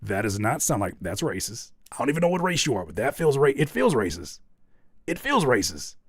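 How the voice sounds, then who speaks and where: A man hosting a music feedback stream in casual chat, jokey and repetitive, switching between loud outbursts and low mutters. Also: wildly swooping pitch, a little fast, husky, no echo, clean studio sound. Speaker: host reviewing music submissions.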